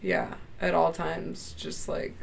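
Gravelly-voiced woman in her twenties. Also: lowish voice, completely flat delivery, slow pace, a little hiss or hum. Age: 20s. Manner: chatty storytelling, trailing off mid-sentence. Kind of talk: casual chat.

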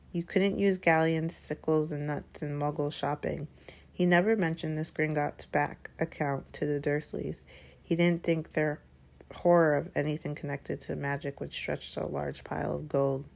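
A woman narrates a children's fantasy story in a steady, measured reading. Her voice sits low and mellow, and her delivery stays calm and even. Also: gravelly. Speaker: audiobook reader. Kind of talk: scripted narration.

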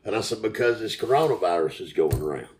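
A man's voice: on the low side, lively intonation, fast, darkish tone. A man in casual podcast chat, telling jokes and stories in a folksy way.

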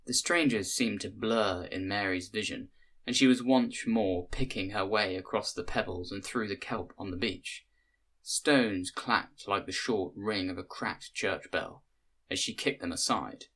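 A man reading a story as narrator, measured and descriptive. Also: deep voice, fairly bright tone. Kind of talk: scripted narration.

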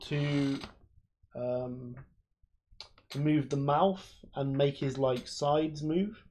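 A man's voice: medium pitch, steady tone, drawn-out words, darkish tone, a little hiss or hum. A man, co-hosting a podcast and explaining things at length in casual chat, with lots of fillers. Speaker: podcast co-host.

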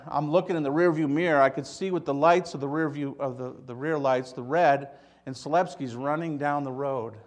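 A man preaching a sermon to his church, telling stories and swinging from loud emphasis to hushed, quiet lines. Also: on the high side. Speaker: pastor.

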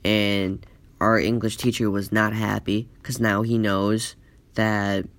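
A man's voice: on the low side, flat delivery, takes it slowly, a bit bright, no echo. A man telling a casual, profane story in rambling speech full of "like" fillers.

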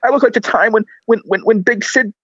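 Casting note: a frantic, stammering assistant played by a man, high and husky, fast and breathless, on a muffled line. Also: fairly bright tone, no echo. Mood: fretful. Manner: stammering, repeating words. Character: frantic stammering male assistant, fretful and whiny. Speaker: caller.

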